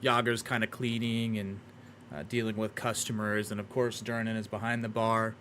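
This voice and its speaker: A man narrating a tabletop game as game master in a relaxed way, with many fillers and restarts. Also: lowish voice, moderate pace, slight background noise.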